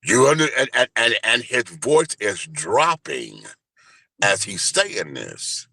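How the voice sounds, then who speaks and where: A man in his forties telling a personal story in an animated, flamboyant, profane way during a casual interview. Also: medium pitch, slow, breathy edge, no echo. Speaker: guest, entertainer and radio host.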